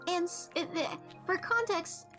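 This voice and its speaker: A young woman with a strikingly high voice chats casually while streaming a game. She tells her stories bluntly and swears freely, and soft game music plays quietly behind her. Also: a little slow. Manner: blunt, profane storytelling.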